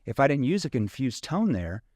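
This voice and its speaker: A man's voice: medium pitch, sing-song, fairly quick, a little mellow, dry recording, studio quality. A man from rural Missouri, a sales trainer talking casually in an interview and acting out questions in different tones.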